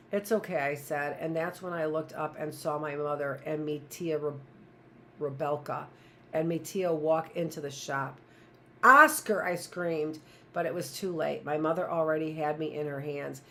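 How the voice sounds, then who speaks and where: A woman's voice: low-pitched, a little hiss or hum. A woman teacher reading a novel aloud in a plain, first-person storytelling voice.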